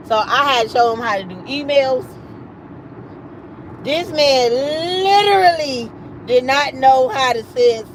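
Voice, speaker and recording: A high-pitched woman spins a casual story on her livestream. She swears freely and slips into the voices of the people she quotes, with faint street and car noise behind her. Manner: animated, profane, acts out quoted voices. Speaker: livestream host.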